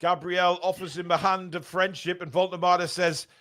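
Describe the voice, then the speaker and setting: High-voiced excitable fan commentator. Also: male voice, normal speed. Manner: excitable, shouts during attacks, swears, jokey banter. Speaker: live match commentator.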